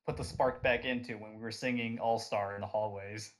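A man's voice: lowish voice, steady tone, fairly quick. A man co-hosting a podcast, joking around in a goofy way. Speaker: podcast co-host. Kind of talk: casual group chat.

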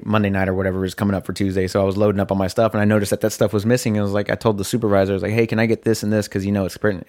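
A man's voice: lowish voice, a little mellow. A man, a delivery driver, casually telling a work story with lots of fillers and restarts. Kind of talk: casual chat.

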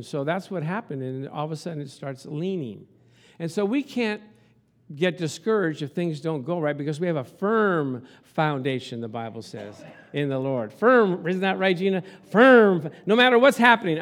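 A man in his sixties preaching a sermon in a conversational, folksy way with an Italian accent. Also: a little high. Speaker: pastor.

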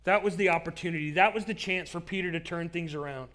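A man's voice: a little high, quick pace, fairly bright tone. A male pastor preaching a sermon from a stage, telling the story in an earnest, dramatic way. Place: stage with pulpit.

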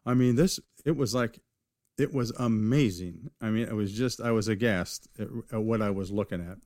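A man's voice: fairly low pitch, normal speed, a little mellow, no echo, clean studio sound. A man from California, a knifemaker guest, telling long rambling stories in a casual interview, full of fillers and restarts. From California, USA.

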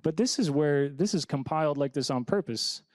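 A young man preaching as a pastor, reading scripture dramatically and talking to the congregation in a casual, animated way. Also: fairly high pitch, moderate pace, dry recording. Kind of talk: sermon.

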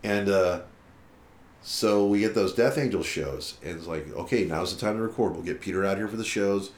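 Deep-voiced man telling a story. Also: normal speed, roomy sound, slight background noise. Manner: profane, animated retelling with quoted dialogue. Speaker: musician guest. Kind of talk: casual storytelling interview.

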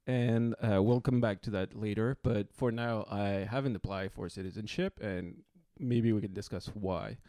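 A man from France with a French accent, hosting a podcast and asking his guest relaxed questions. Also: on the low side, moderate pace, few pauses, no room sound, studio quality. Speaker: podcast host. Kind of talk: casual interview chat.

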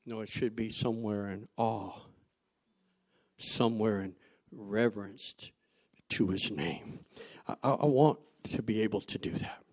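A man preaching a sermon, asking the congregation rhetorical questions and telling stories from his own life, going from loud emphasis to quiet asides. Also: lowish voice, a little slow. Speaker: pastor.

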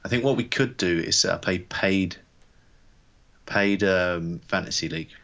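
Deep-voiced man, relaxed podcast co-host. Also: measured pace, gravelly, muffled recording. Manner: relaxed, rambling with fillers. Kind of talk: casual chat.

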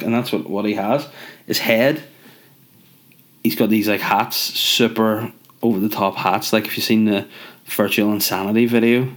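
Rambling sweary young man. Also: fairly low pitch. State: stuffy from a cold. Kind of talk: casual comedic rant.

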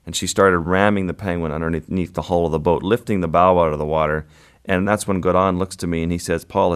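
A man, a photographer guest, recounting an encounter in a measured, vivid interview style. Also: sits low, clean tone. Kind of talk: interview storytelling.

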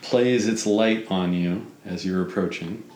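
A man narrating a tabletop game as game master, describing scenes slowly. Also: low voice, darkish tone. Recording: roomy echo.

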